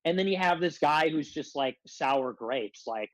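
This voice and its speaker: A man's voice: fairly high pitch, expressive, a little slow, no room sound, poor audio. Rambling, aggrieved man on a dry mic. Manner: rambling aggrieved rant, heavy use of filler "like". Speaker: podcast guest. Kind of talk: casual podcast conversation.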